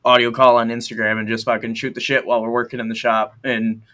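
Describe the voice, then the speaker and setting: A man's voice: mid-range voice, little pitch movement, quick pace, sharp tone. A man who makes hammers, chatting casually on a podcast, laid-back, swearing freely and laughing often. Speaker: blacksmith and podcast host. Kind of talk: casual chat.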